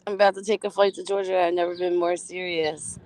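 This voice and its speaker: A woman's voice: lowish voice, flat delivery, fast talker, a little mellow, slight background noise. A woman hosting a casual livestream, greeting chatters by name and gossiping bluntly with frequent swearing. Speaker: livestream host.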